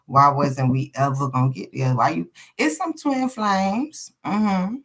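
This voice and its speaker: Low-pitched but fairly bright in tone, a woman speaks at a measured pace on a low-quality recording. As a tarot card reader chatting casually on a live stream, she's blunt and profane with viewers and laughs often between their questions.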